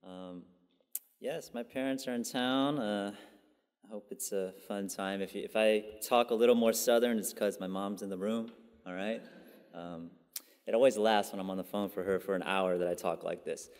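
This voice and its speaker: A pastor giving a casual, conversational sermon, full of fillers and asides. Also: male voice, fairly low pitch, fairly even intonation, moderate pace, a little mellow, clean tone. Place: church sanctuary. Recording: long church hall reverb.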